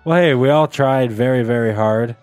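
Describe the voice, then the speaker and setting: A man's voice: mid-range voice, moderate pace, a little mellow, no echo, faint music behind. A man hosting a casual word game with friends, joking and swearing often. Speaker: host running a reverse-speech word game. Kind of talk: casual chat among friends.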